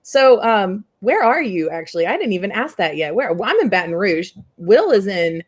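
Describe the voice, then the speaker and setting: A woman's voice: mid-range voice, big pitch swings, normal speed. A woman from central Indiana hosting a casual chat, rambling and giggly, with plenty of filler words. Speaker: host.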